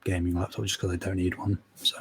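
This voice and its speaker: Low-voiced man giving laid-back replies. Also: flat delivery, fast talker, slight background noise. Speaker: podcast co-host. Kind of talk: casual chat.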